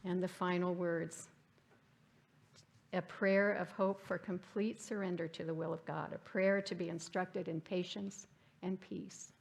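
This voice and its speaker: A woman's voice: lowish voice, level tone, a little slow, gravelly. A woman giving a reflective literary lecture at a church forum, reading passages aloud and asking the audience questions. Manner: reflective, reads quotes aloud. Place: church hall.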